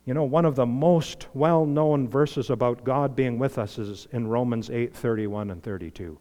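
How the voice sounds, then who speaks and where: A man preaching a sermon, fervent, swinging from hushed asides to emphatic exhortation. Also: mid-range voice, normal speed. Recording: long hall reverb.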